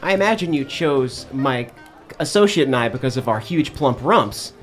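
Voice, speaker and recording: A man's voice: medium pitch, animated, normal speed, faint music behind. A man playing a tabletop game, bantering in a pompous, playful way. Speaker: player. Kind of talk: tabletop role-play chat.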